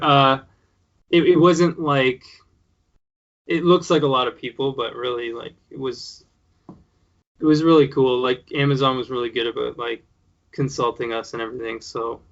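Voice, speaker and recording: A man's voice: mid-range voice, moderate pace, pauses often. A man being interviewed as a show creator, talking casually in a rambling way with lots of fillers and restarts. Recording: dull lo-fi sound.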